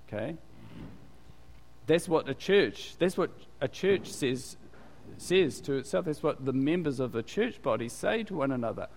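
A man's voice: a little high, animated, a little slow, a little mellow. A man preaching a conversational sermon as pastor, often asking the congregation questions and waiting for answers. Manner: chatty, quizzes the congregation. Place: church. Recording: long reverb of a hall.

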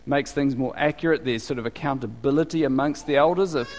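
A man's voice: medium pitch, brisk, darkish tone, a little hiss or hum. A man from New Zealand with a New Zealand accent, preaching in a casual, conversational way and asking the congregation questions. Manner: chatty, asks the congregation questions. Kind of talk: conversational sermon. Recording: long reverb of a hall.

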